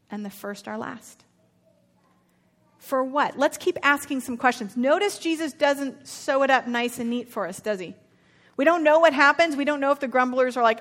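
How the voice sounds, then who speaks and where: A woman's voice: high voice, normal speed. Conversational woman preaching on a parable. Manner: conversational, animated retelling with casual slang. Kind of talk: sermon teaching on a parable.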